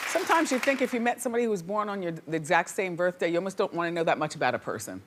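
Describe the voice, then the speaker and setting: A woman hosting a gossip talk show, chatty and playful with loud exclamations, in a studio with a live audience. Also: lowish voice, very animated, rapid-fire. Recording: noisy studio with crowd. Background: audience laughter and cheers.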